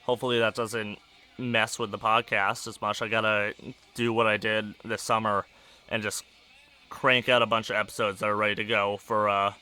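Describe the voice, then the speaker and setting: A young man talks in a flat, monotone ramble full of "uh" and "um", as a stressed podcast host thinking aloud. His voice is bright and crisp, set slightly low. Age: young adult. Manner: monotone, rambling with many fillers. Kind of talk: casual personal rambling over a wrestling match.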